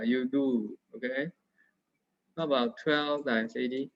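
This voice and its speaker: A man with a Singaporean English accent tutors math in a loose, joking manner, coaxing and teasing his student along. His voice sits at a middling pitch. The recording sounds dull and lo-fi. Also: steady tone, a little slow. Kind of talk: casual tutoring session.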